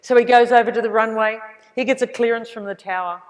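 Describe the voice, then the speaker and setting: A woman's voice: fairly high pitch, quick pace. A middle-aged woman with an Australian accent gives an inspirational keynote, telling her story with acted-out dialogue. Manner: animated storyteller acting out dialogue with laughs. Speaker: keynote speaker. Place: large hall. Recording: hall with long reverb.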